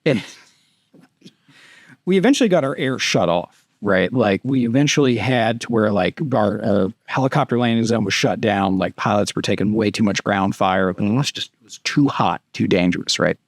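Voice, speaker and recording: Animated storyteller man, dry close sound. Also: lowish voice, normal speed, no echo. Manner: rambling, animated, many fillers and restarts. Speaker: podcast guest, retired army captain. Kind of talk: casual storytelling in conversation.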